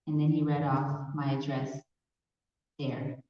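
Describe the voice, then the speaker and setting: A woman from Pasadena, California, giving personal testimony as a survivor speaker in a large hall, telling her story earnestly with hesitant pauses. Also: very deep voice, little pitch movement. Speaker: survivor speaker at an awareness event. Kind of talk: personal testimony in a public talk. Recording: echoey hall from far off, dull sound.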